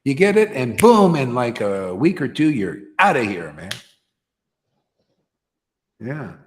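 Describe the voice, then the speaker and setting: A man's voice: medium pitch, big pitch swings, slow pace. A man giving an informal devotional sermon, rambling and slangy, often stumbling and repeating words. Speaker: spiritual teacher. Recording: long hall reverb.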